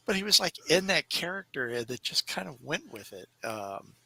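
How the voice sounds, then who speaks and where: A man chats casually on a podcast and tells animated stories, acting out the voices of the people in them. His voice is bright and forceful. The recording is dry and close. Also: a little high, moderate pace, vocal fry, slightly rough, no room sound. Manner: animated storyteller who acts out voices. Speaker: podcast host. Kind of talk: casual chat.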